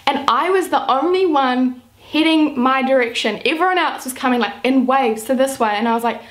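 A woman's voice: sits high, normal speed. A young woman from New Zealand telling a story to camera in a chatty vlog style, filling her talk with "like.". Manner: chatty, says "like" constantly. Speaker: vlogger.

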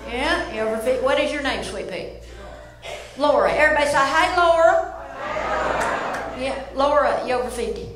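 A woman's voice: sits high, fast talker. A woman in her fifties performing a brash, self-mocking stand-up comedy routine on a club stage, chatting with the audience. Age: 50s. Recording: echoey live club, loud audience noise. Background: audience laughing and applauding.

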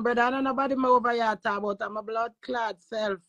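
A Jamaican woman with a gravelly, rough-edged voice, chatting in a casual live stream. She banters loudly and profanely with her viewers in thick patois. The sound is dry and close, with no room around it. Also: fairly high pitch, fairly even intonation, fast, few pauses, no room sound, lo-fi sound. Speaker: social media influencer.

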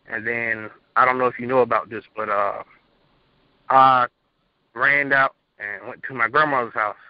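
A man's voice: medium pitch, steady tone, normal speed, no echo. A young man calling in to a show, earnestly telling his story in a plain, rambling way over a phone line. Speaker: caller. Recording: muffled phone-line audio.

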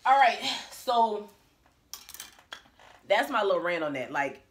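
A woman's voice: mid-range voice, big pitch swings, takes it slowly. A woman vlogger delivering a blunt, profane rant to camera, talking in an emphatic way and laughing between her points.

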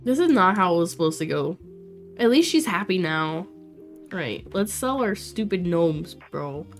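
A young woman streaming a life-sim game, chatting to her viewers in an excitable way with frequent exclamations and laughs. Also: fairly low pitch, measured pace, soft background music. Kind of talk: casual let's play commentary.

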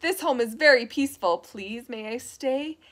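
A woman voicing a small young owl looking for a new home, in a gentle, polite storybook voice. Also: on the high side, lively intonation, moderate pace, pitched below the performer's own voice.

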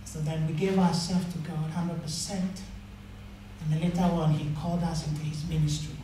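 A preacher in a very echoey church. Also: male voice, little pitch movement, normal speed, warm tone, far from the mic, slight background noise. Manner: storytelling, acts out dialogue with rising pitch. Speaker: pastor. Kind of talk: sermon. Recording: echoey church hall, mic from afar.

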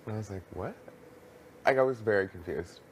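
A woman's voice: a bass voice, very fast. A woman in casual chat, retelling a conversation and quoting what was said. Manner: chatty, retells conversations with quoted voices. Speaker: reality show houseguest. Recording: noisy live feed audio.

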